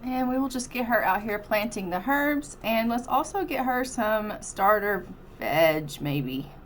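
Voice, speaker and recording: A woman's voice: fairly high pitch, expressive, measured pace, slight background noise. A woman casually commentating her life-simulation gameplay as a let's-play host, chatty and upbeat. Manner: chatty, upbeat, narrates what she does in the game.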